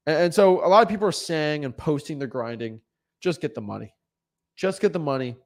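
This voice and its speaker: A young man giving casual motivational advice as a real estate coach, animated, often repeating and restarting words. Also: on the high side, brisk. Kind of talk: casual motivational vlog talk.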